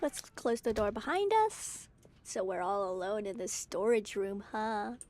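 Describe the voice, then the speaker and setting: Slow-talking playful woman streamer. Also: medium pitch, lively intonation, a little mellow. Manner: playful, flirty, talks to chat. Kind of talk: casual game streaming.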